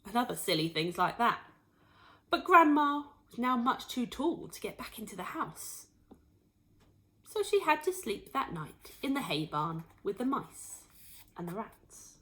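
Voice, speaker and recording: Lively, bright-voiced woman reading a storybook. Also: on the high side, unhurried. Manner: expressive, shows pictures to listeners. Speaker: teacher reading to children. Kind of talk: storybook read-aloud.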